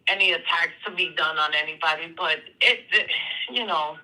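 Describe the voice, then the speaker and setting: A speaker on a live call-in stream, chatting casually in a hesitant, measured way with many fillers. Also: medium pitch, sharp tone, rough recording. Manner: hesitant, measured, full of "you know" and "um". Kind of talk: casual chat.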